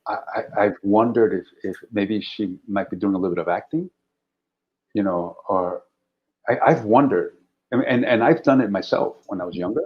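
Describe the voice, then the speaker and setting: A man's voice: lowish voice, normal speed, lo-fi sound. A man, an actor and guest, talking animatedly in a casual interview and often repeating words.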